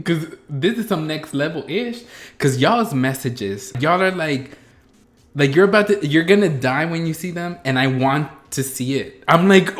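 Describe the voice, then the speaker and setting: A young man hosting a reaction vlog, chatting casually with self-mocking rambles and quick jumps in energy. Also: fairly high pitch. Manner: animated, self-mocking, rambling with bursts of laughter. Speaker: YouTube reaction host.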